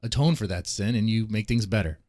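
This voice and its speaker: A man's voice: fairly low pitch, a little fast, a little mellow, no room sound. A man hosting a casual live stream, ranting bluntly and laughing often as he comments. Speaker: streamer host.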